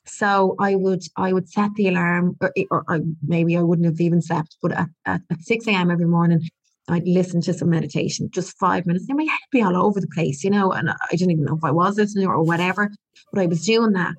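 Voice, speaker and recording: A woman's voice: on the low side, fairly even intonation, fast talker. A woman in her forties, a podcast guest, talking in an earnest, reflective way with frequent restarts. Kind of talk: candid conversational interview.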